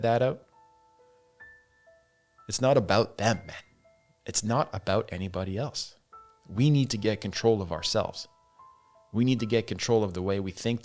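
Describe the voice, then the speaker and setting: A man with a lowish voice talks on his own, loose and candid, swearing now and then and calling the listener "man". Faint music plays under him. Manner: candid, swears freely, says "man" and "dude". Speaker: podcast host. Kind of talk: casual solo monologue.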